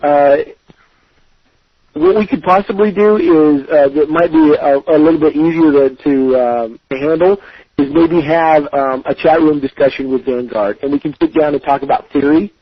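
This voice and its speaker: A man's voice: fairly high pitch, moderate pace, no echo, dull audio. A man being interviewed as a game developer, talking casually with many fillers and restarts, choosing his words with care.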